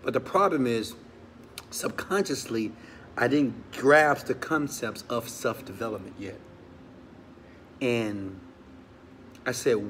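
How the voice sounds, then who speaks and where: A man, a motivational speaker, tells a personal story with strong feeling. He swings from loud urging to hushed confession and keeps asking his listeners questions. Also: medium pitch, slow pace, pauses often, slight background noise. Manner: talks straight to listeners with questions.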